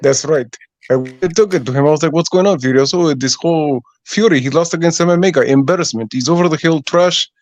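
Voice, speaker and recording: A man's voice: on the high side, fairly quick, hardly any pauses, darkish tone, no room sound. A man calling in to a boxing talk show, joking around in a put-on heavy accent. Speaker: caller. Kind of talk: casual chat.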